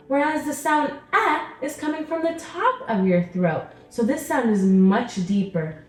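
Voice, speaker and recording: Slow, lively-voiced woman teaching sounds. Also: fairly high pitch, echoey room, far from the mic, faint music behind. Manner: patient, repeats sounds slowly for the learner. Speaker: Arabic teacher. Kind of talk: pronunciation lesson.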